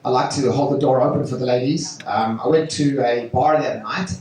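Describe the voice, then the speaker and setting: A man doing a stand-up set on a club stage, talking haltingly with lots of fillers. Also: medium pitch, a little mellow. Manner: halting delivery with many fillers. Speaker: stand-up comedian. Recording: echoey club from a distant mic.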